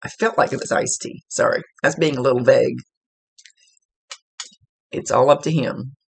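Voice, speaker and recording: A man's voice: mid-range voice, fairly even intonation, normal speed, vocal fry, slightly rough. A man working as a psychic medium, talking casually and rambling as he relays messages aloud. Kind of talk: casual spirit reading.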